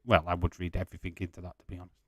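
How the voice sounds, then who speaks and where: A man's voice: low voice, monotone, very fast, no room sound. Chatty man hosting a live watch-along. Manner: chatty, teasing, swears freely. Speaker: watch-along host reading viewer chat. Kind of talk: casual live commentary and chat.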